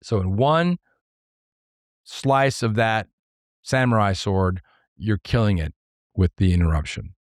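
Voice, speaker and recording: A man's voice: on the low side, slow pace, long pauses, no room sound. Earnest man in a dry, close room. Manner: earnest, explains step by step with numbered points; excitable at times. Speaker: podcast host. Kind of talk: solo podcast talk on leadership.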